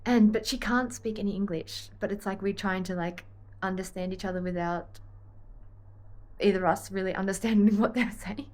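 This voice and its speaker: A woman's voice: mid-range voice, steady tone, normal speed, darkish tone. A young Australian woman chatting to camera in a rambling, easily sidetracked way about her day. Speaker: vlogger and triathlete. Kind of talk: casual chat to camera.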